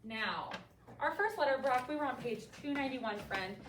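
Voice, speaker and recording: Woman teacher, encouraging, questioning pupils, high voice, roomy classroom sound. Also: animated, moderate pace, fairly bright tone, far from the mic, a little hiss or hum. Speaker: third grade teacher. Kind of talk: classroom reading lesson. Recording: echoey classroom from afar. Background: faint classroom ambience.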